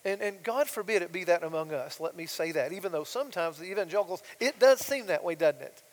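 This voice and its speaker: High-voiced preacher in a big hall. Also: male voice, lively intonation, fast. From United States. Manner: swings from loud emphatic declarations to soft quiet asides, asks rhetorical questions. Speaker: pastor. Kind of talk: sermon. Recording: long reverb of a large hall.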